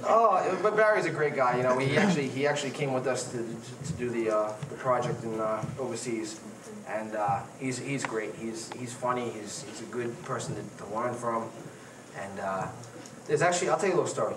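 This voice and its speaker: Guy at a paranormal con spinning funny stories, pretty animated, roomy echo and background noise. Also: medium pitch, fairly quick. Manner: animated, laughing at his own stories. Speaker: paranormal investigator. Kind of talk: conference talk, storytelling. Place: conference hall. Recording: echoey hall, far from the mic, noisy.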